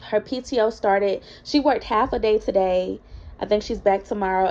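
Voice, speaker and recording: A woman's voice: mid-range voice, measured pace, darkish tone. A woman telling a story from her own life in a casual vlog, chatty and candid, talking straight to her viewers. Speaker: vlogger. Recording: dull lo-fi recording.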